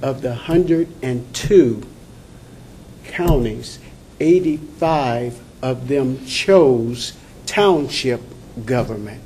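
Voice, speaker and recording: A man speaking hesitantly on a panel as a township official, pausing often with fillers. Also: mid-range voice, expressive, mellow, slight background noise. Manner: slow, hesitant, many fillers. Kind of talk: panel discussion.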